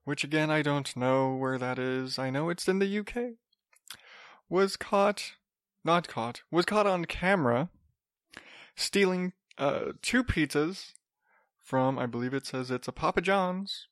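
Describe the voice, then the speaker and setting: Brief: higher-voiced male podcaster, rambling and wry, dry close sound. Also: a little slow, fairly bright tone, no room sound. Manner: rambling, repeats and restarts words, sarcastic asides. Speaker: podcast host. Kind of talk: casual solo podcast monologue.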